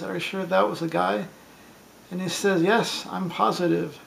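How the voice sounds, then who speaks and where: Man telling bar jokes, gravelly and high. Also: a bit bright, slight background noise, low-quality recording. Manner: plain storytelling delivery with small stumbles. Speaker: joke teller. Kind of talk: reading a list of bar jokes.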